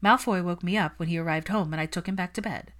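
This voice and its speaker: A woman's voice: lowish voice, fast, fairly bright tone, lightly acted. Brief: woman playing a guarded young healer, short clipped answers. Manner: terse, defensive.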